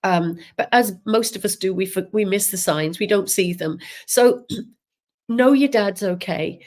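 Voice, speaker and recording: A woman giving a live psychic reading, talking gently and haltingly with many ums and restarts. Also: mid-range voice. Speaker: psychic medium. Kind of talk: live spiritual reading, unscripted.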